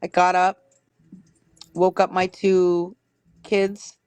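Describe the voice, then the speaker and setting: A woman's voice: lowish voice, monotone, takes it slowly, a little mellow, smooth, no echo. A woman hosting a livestream, reading viewers' written stories aloud and stopping now and then to correct herself. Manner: reads steadily, stops to correct herself.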